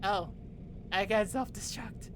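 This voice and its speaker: A woman's voice: medium pitch, slow, background noise. A woman streaming a game, chatting casually with friends and laughing easily. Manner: giggly, easily amused. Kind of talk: casual gameplay chat.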